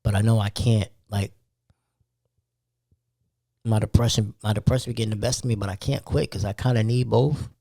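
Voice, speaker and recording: Podcast host, young man, tired, slangy casual delivery, mellow dark tone, dry close sound. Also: fairly low pitch, steady tone, normal speed, long pauses, no room sound. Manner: street slang, loose and conversational. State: tired, yawning. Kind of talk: casual monologue.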